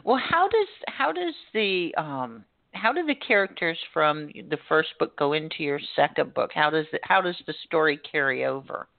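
Gravelly-voiced radio host, phone-like sound. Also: mid-range voice, big pitch swings, normal speed, dry recording. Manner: chatty, enthusiastic, stumbling restarts. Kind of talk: radio interview. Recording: tinny dry phone-like audio.

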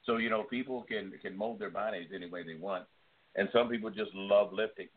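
A man's voice: fairly low pitch, a little fast, breathy edge. A man co-hosting a casual chat show, rambling and earnest. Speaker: co-host. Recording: tinny phone-like line.

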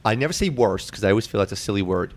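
A man's voice: fairly low pitch, expressive, racing. A male podcast host asking jovial, joking questions of his guest. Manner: jovial, laughing, leading questions. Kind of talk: casual interview chat.

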